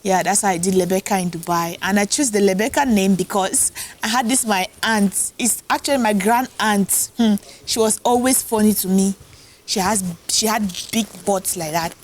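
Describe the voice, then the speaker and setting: A woman actress and producer, a guest in a casual interview, telling stories in an animated way. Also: medium pitch, moderate pace, low-quality recording. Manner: animated storytelling, often laughing.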